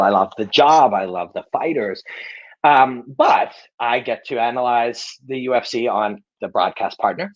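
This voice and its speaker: A man's voice: medium pitch, muffled recording. A middle-aged man hosting a live Q&A, speaking bluntly and emphatically, cursing freely and restating his points. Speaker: host of a live Q&A show. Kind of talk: casual live Q&A monologue.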